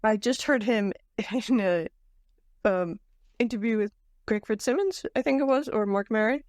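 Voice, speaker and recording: A woman's voice: a little high, normal speed, darkish tone, dry recording, clean studio sound. A woman co-hosting a podcast, chatting casually about a book with fillers and restarts. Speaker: podcast co-host. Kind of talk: casual book club chat.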